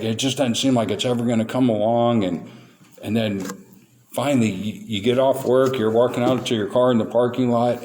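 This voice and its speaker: Low-voiced man telling his recovery story. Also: a little mellow, slight background noise. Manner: candid, storytelling, playful self-mockery. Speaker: recovery meeting speaker. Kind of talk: recovery talk to a meeting.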